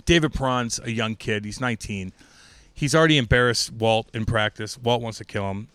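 A man's voice: medium pitch, moderate pace, clear, resonant tone, no echo. A middle-aged American man chats on a podcast, swearing constantly and acting out quotes at full volume. His voice sits mid-range and close to the mic, dry with no room sound. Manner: profane, excitable, acts out quotes loudly. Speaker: podcast co-host. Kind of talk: casual chat, storytelling.

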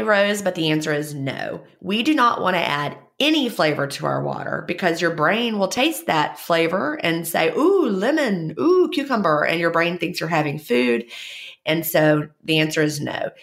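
A woman with a deep, gravelly voice co-hosting a casual podcast. She sounds a bit stuffy from a cold and gives her advice with emphatic conviction. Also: a bit bright. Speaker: podcast co-host.

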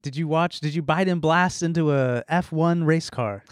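A man co-hosting a casual podcast, talking fast and animated, with lots of swearing. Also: fairly high pitch, no room sound, clean studio sound. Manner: rapid, animated, swears a lot. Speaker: podcast co-host.

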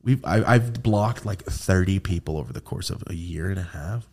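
Casting: young adult male podcast co-host, gravelly low voice, loose joking banter. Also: moderate pace, a little mellow. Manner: rambling, joking, swears casually. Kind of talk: casual podcast chat.

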